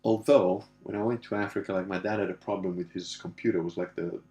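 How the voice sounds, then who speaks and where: A man's voice: low voice, steady tone, fast talker, warm tone. A man chatting casually, telling rambling stories with swearing and acted-out voices. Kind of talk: casual chat. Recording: echoey room with music.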